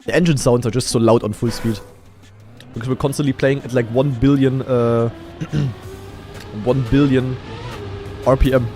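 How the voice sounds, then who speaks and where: A man from Germany with a light German accent, hosting a live watch party and chatting casually through the races, swearing now and then and bursting into excited shouts. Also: medium pitch, measured pace, long pauses, soft background music. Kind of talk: casual live esports commentary.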